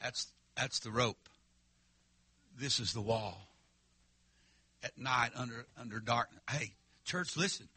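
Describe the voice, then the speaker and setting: A man's voice: mid-range voice, slow, pauses often, pushed and bright, husky, no room sound. A male preacher, telling a story in a revival sermon in a folksy, emphatic way and calling out to the congregation.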